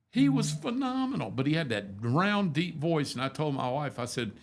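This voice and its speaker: A man's voice: on the high side, big pitch swings, normal speed, hardly any pauses. A man in his seventies, a radio host, telling rambling, self-deprecating stories in a casual, folksy chat. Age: 70s.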